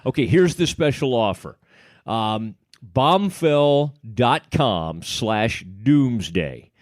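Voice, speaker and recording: A man's voice: medium pitch, lively intonation, slow pace, no room sound, studio quality. A middle-aged man with an East Texan accent, co-hosting a sports podcast in a jokey, enthusiastic way. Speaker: podcast co-host. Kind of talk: casual sports podcast chat and host-read ad.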